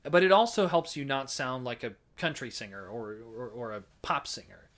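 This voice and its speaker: A man's voice: medium pitch, big pitch swings, moderate pace, fairly bright tone. An American man giving a casual educational talk about folk songs, chatty and explanatory, often restarting his sentences. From United States. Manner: chatty explaining, frequent restarts and hedging fillers. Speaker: folk song presenter.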